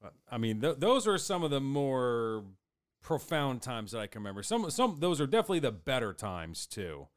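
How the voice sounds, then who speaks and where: A man's voice: mid-range voice, very animated, moderate pace, dry recording, clean studio sound. A man co-hosting a podcast, rambling casually with frequent fillers and swearing. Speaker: podcast co-host. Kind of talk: casual chat.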